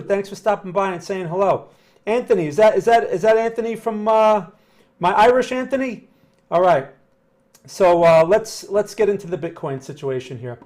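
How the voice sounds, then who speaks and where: A man's voice: on the high side, darkish tone. A man hosting a casual live stream on market analysis, chatting with viewers by name and often repeating words as he talks. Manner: asks questions to the audience.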